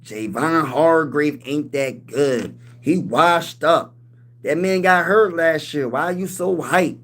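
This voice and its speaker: A dismissive, doubting football fan, put on by a man who drags out his words in a slow, mocking drawl. The voice sits a little high for a man and stays close to an everyday speaking tone. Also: fairly bright tone.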